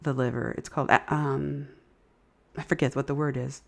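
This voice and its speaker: A woman hosting a casual live stream, halting and searching for words, thanking viewers as she reads the chat. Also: rumbling low, little pitch movement, vocal fry. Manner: halting, many fillers and restarts, searching for words; grateful, effusive thanks to viewers. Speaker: livestream host.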